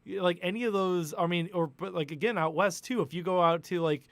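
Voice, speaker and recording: A man's voice: high-pitched, a little fast, dry recording. A man hosting a casual sports podcast, rambling and chatty, laughing often. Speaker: podcast host.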